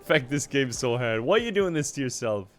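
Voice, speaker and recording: A man's voice: mid-range voice, expressive, brisk, faint music behind. A young man streaming a game, chatting casually, laughing often and reading out donations. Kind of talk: casual live-stream chat while gaming.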